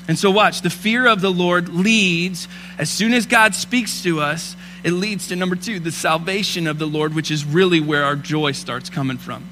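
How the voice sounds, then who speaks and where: Male pastor, thirties, storytelling sermon, high bright voice, faint hum behind. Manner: storytelling, swings from hushed to loud preaching.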